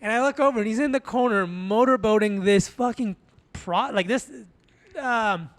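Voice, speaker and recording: A man from Azerbaijan spins a long, crude story in casual conversation. His voice sits high for a man. He talks in an animated way, laughs often, and swears freely. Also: moderate pace. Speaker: podcast guest, tattoo artist.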